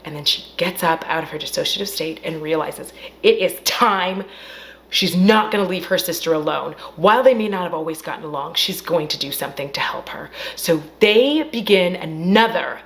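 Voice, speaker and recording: A woman recapping a horror film in a casual, animated way, acting out the characters' lines and swearing freely. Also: on the low side, normal speed, gravelly. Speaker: film reviewer. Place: at home.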